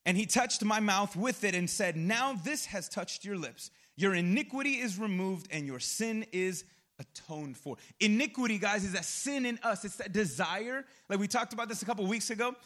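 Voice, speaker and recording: A man's voice: sits high, animated, normal speed, a bit bright. A male pastor preaching a sermon in a casual, conversational way, full of slang and personal stories, acting out his own reactions.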